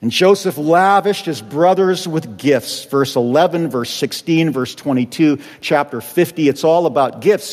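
A man's voice: a little high, measured pace, hardly any pauses, darkish tone, big-room sound. A male pastor preaching a sermon, acting out the people he quotes.

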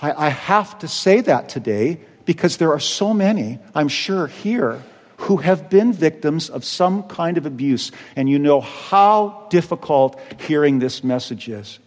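A man's voice: on the high side, expressive, measured pace, a little mellow, in a large hall. A male pastor preaching a sermon, acting out the people he quotes.

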